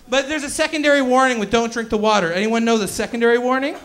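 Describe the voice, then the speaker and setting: A man in his twenties doing a stand-up comedy set on a club stage, loud, crude and bantering with the crowd. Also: extremely high pitch, quick pace, hardly any pauses. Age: 20s.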